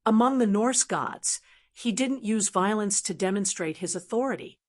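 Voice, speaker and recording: A woman narrating a fantasy novel as an audiobook, reading at a steady, measured pace. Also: mid-range voice. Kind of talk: scripted narration.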